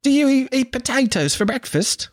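A man's voice: extremely high pitch, very animated, moderate pace, no echo, studio quality, pitched above the performer's own voice. A man voicing a brash young Australian woman tourist in a put-on Australian accent, teasing and mocking.

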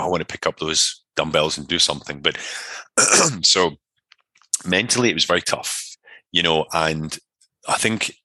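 A man's voice: low-pitched, bright, forceful tone, no room sound. A man, a personal trainer, telling his story as an interview guest in a rambling way, full of fillers and restarts.

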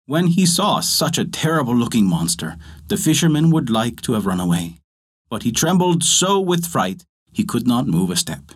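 A man narrating a folk tale with an expressive storytelling cadence. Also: mid-range voice, moderate pace, slightly rough.

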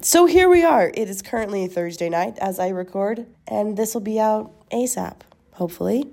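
Young woman, podcast co-host, mellow and rambling, self-deprecating. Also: mid-range voice, lively intonation, moderate pace, vocal fry. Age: young adult. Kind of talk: casual chat.

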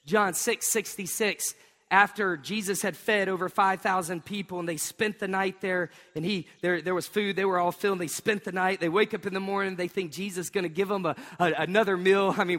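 A man, preaching a sermon in an animated storytelling way. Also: high-pitched, fairly quick. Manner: storytelling, animated, acts out voices. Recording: long hall reverb.

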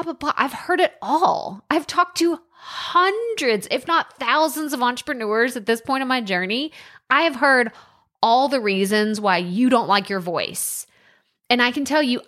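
A young adult woman with a Texan accent talks through her solo podcast episode. She is chatty and self-deprecating and often laughs at herself. Her pitch sits in a middle range for a woman. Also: fairly bright tone. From Texas. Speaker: podcast host.

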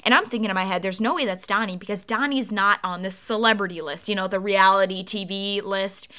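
A young woman in her twenties, co-hosting a podcast and telling a story in a casual, animated way with frequent laughs. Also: medium pitch, brisk. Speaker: podcast co-host.

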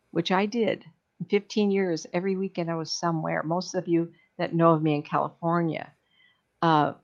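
An older woman with a gravelly, creaky voice talks earnestly and rambles along, stopping often for an um before she finds her point. The recording sounds dull and lo-fi. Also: low-pitched. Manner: earnest, rambling storyteller with frequent ums and restarts. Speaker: psychic medium. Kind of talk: casual reflective monologue.

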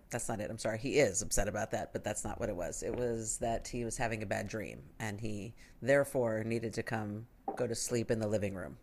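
A middle-aged woman co-hosting a casual chat, telling stories and acting out the voices in them. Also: rumbling low. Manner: animated storyteller who acts out voices. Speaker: podcast co-host.

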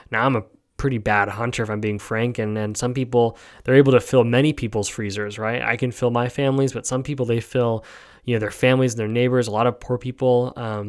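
A man from New York hosting a solo podcast, talking casually with many ums and restarts while yawning and sleepy. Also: mid-range voice. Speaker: podcast host.

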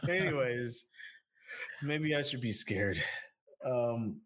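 A man co-hosting a podcast in casual chat, joking and rambling through ad reads with big swings in pitch. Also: lively intonation, moderate pace. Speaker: podcast co-host.

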